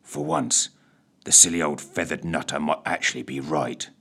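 Tired, muttering detective, low and husky, read by a man. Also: expressive, drawn-out words, a bit bright, exaggerated voice. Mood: weary. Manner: muttering, terse. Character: weary injured male detective, gruff.

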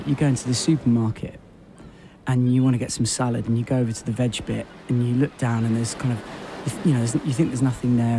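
A man hosting a radio show, telling an absurd story in a rambling, repetitive, deadpan way full of fillers. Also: mid-range voice, a little hiss or hum.

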